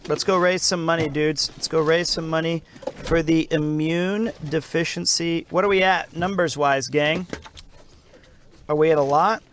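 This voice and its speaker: A man's voice: on the high side, steady tone, a little slow, fairly bright tone, a little hiss or hum. A man live-streaming in a car on a charity trip, joking and reading chat aloud. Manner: playful, jokey, reads chat aloud.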